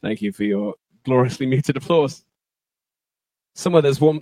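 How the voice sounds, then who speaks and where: A man's voice: mid-range voice, normal speed, pauses often, warm tone, dry recording, studio quality. A man, a musician guest, telling rambling comic stories in a basement venue, laughing often. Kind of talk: comic chat with impressions.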